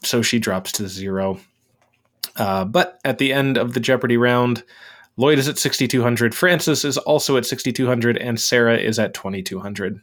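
A man's voice: medium pitch, normal speed, fairly bright tone. A man co-hosting a podcast, recapping a quiz show episode in casual, curious conversation. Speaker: podcast co-host.

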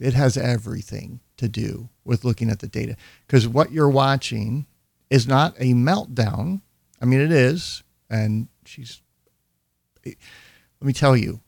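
Man, host, gravelly voice, husky, clip commentary, deliberate and emphatic. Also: medium pitch, darkish tone, no room sound. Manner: deliberate, emphatic, slowing for key points. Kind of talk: commentary on video clips.

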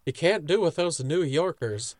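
A man co-hosting a podcast, giving blunt, opinionated takes and swearing freely. His voice sits a little high and sounds dry and close to the mic. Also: expressive, moderate pace, dry recording. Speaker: podcast co-host. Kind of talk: casual podcast chat.

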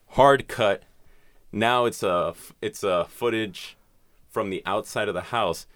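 A man's voice: lowish voice, unhurried, fairly bright tone, no room sound, studio quality. A man in casual chat, recapping a film's plot in a rambling way with lots of swearing and filler words. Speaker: podcast host recapping a film.

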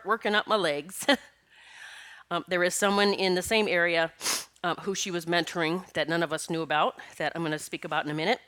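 A middle-aged woman talks through tears on her own podcast, sniffling as she goes. Her voice sits low yet comes out bright and forceful. She rambles emotionally and laughs between the tears. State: tearful, sniffling. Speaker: podcast host. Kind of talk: casual spiritual podcast monologue.

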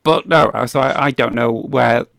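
A man's voice: mid-range voice, moderate pace, creaky, a bit bright, dry recording, clean studio sound. A man hosting a podcast, chatting in a rambling way with many restarts and ums and frequent laughs. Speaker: podcast host. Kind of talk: casual podcast chat.

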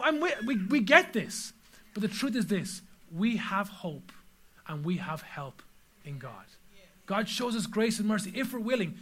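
High-voiced pastor preaching. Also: male voice, sharp tone. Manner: storytelling, emphatic rhetorical questions. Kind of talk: sermon. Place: church service before an audience.

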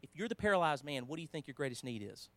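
A man preaching a sermon in a conversational way, with restarts, quoting scripture, swinging between emphatic lines and quiet asides. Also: a little high, expressive, racing, no echo.

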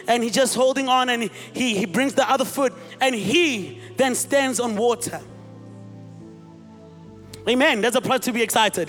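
A male pastor preaching with a very high voice, retelling a scene in lively, animated storytelling. He slips into acted-out voices and calls out to the congregation. His voice rings through a reverberant hall over faint music. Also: normal speed. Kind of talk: sermon.

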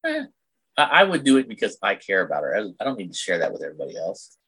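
A man's voice: on the low side, huge pitch swings, fast, bright, forceful tone, slightly rough. A middle-aged man chatting as a podcast guest over a video call, blunt and crude with plenty of jokes. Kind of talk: casual podcast chat.

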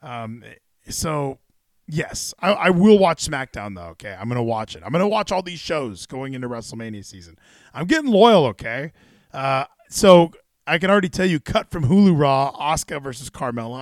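A man hosting a casual wrestling chat stream, excitable and rambling. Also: medium pitch, moderate pace, no room sound, studio quality. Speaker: stream host.

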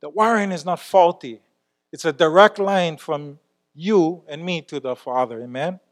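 A man's voice: on the high side, normal speed. A man preaching as a church elder, earnest, often asking the congregation "Amen?" and building to fervent, emphatic prayer. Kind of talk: sermon.

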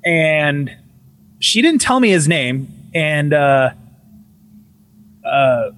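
A young man telling a ghost story in casual podcast chat, animated and swearing, often stopping to restart a phrase and jumping up in pitch when he quotes himself. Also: drawn-out words.

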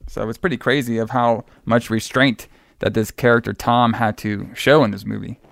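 A man's voice: on the low side, steady tone, normal speed, vocal fry, no echo. A man casually recapping a film scene by scene, rambling with lots of fillers and swearing. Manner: rambling, filler-heavy retelling with frequent swearing. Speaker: podcast co-host recapping a film. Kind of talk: casual chat.

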